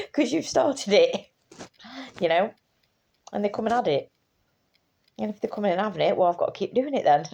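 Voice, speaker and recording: A woman's voice: mid-range voice, sing-song, normal speed, gravelly, long pauses, dark tone, husky, voice pushed up, exaggerated voice. Woman putting on a grumbling old lady neighbour. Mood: mock-annoyed. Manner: mock-annoyed complaining.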